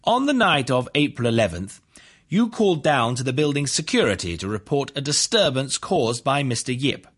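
A man voicing a forceful male prosecutor who questions a witness in pointed, pressing turns, read as a storybook. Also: medium pitch, big pitch swings, moderate pace, husky, pitched above the performer's own voice.

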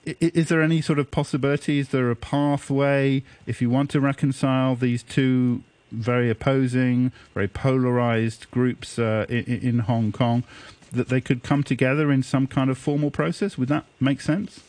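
A male radio talk-show host who reads out listener messages and introduces his guests, speaking in halting phrases with many "uh" fillers. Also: mid-range voice, steady tone, darkish tone. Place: radio studio. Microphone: studio microphone.

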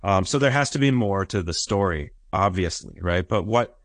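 A man's voice: low voice, lively intonation, moderate pace, no echo. Lecturing man with a dry, close sound. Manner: explanatory, frequent "uh" and "right?" checks. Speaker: history lecturer. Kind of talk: academic lecture. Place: lecture recording.

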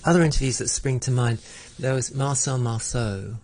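Being interviewed conversationally, this middle-aged arts broadcaster has a medium-pitched, slightly mellow voice and a moderate pace. His reflective answers are full of restarts and stammered repeats, and a little hiss or hum sits under the recording.

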